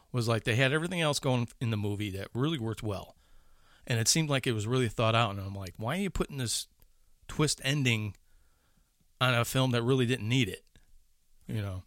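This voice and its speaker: A man's voice: mid-range voice, a little fast, a bit bright, no echo, clean studio sound. A man chatting casually about movies, rambling with many restarts and swearing. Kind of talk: casual chat about films.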